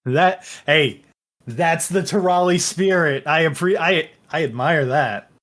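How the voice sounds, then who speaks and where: Male game master, slow and rambling, slightly high voice. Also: fairly bright tone. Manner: rambling, halting, full of fillers. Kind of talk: narrating a tabletop game.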